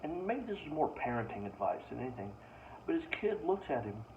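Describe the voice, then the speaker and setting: Heard through a distant mic with dull, lo-fi sound and some faint background noise, a man tells casual comic stories as a stand-up. His medium-pitched voice has a sing-song lilt and moves fairly quickly as he rants in exasperation.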